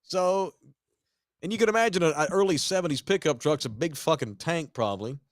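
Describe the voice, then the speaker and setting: The clean, dry studio recording captures a slightly high, brisk male voice. He's a Texas podcast host in his forties relating a family story in casual, profane talk, animated and shouting the lines he quotes.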